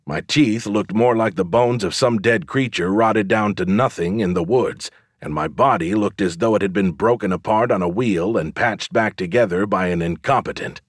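A man narrating a first-person audiobook in a measured, wry way. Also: lowish voice, no echo, studio quality.

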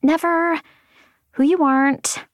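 A woman's voice: high voice, steady tone, slow, no room sound, clean studio sound, pitched above the performer's own voice. A woman voicing an eager, earnest young female pilot who talks in a keen, breathless way.

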